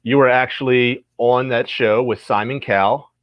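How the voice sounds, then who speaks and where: A man hosting a casual livestream chat, talking in a friendly, halting way with frequent restarts. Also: medium pitch, steady tone, no echo, highs cut off. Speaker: host.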